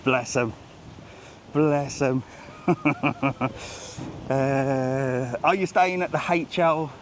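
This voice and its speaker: A man's voice: mid-range voice, fairly even intonation, very slow, a little hiss or hum. A man hosting a live walking travel vlog on a seaside street, chatty and joking with people he passes, filmed on a handheld phone camera. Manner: chatty, jokey, greets passersby. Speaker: travel vlogger.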